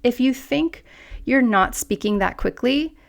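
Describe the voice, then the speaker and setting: A woman hosting a solo podcast, coaching listeners directly on confident speaking with lively, playful asides. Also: a little high, unhurried, vocal fry. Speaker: podcast host. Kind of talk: scripted solo podcast talk.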